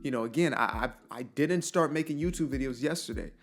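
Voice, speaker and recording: A man's voice: medium pitch, brisk. A man in a casual, earnest motivational monologue, telling stories and asking rhetorical questions. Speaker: motivational vlogger.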